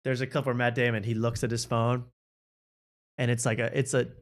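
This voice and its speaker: A man's voice: medium pitch, flat delivery, brisk. A man hosting a talk show, riffing in a rambling, joking way. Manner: rambling, riffing, laughs at own bits. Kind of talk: casual comedic chat.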